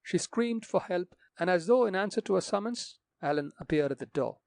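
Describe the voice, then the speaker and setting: A man narrating a mystery audiobook in a measured, dramatic reading. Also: high voice, lively intonation, creaky, no room sound.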